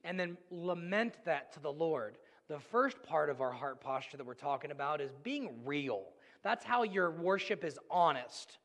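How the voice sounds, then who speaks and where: Earnest pastor with a gravelly voice. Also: male voice, a little high, lively intonation, moderate pace, few pauses, long reverb tail. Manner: earnest, storytelling, swings between loud and hushed. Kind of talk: sermon.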